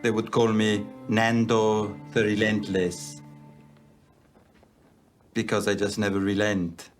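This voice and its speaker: A man's voice: fairly low pitch, level tone, takes it slowly, faint music behind. An actor playing a pompous centuries-old male vampire, a former warrior, with a grandiose, pleading insistence. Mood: boastful.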